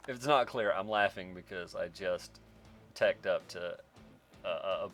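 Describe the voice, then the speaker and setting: Over game music, a strategy game let's-player comments casually, grumbling wryly to himself with sudden frustrated outbursts. He has a deep, slightly bright voice and speaks a little slowly.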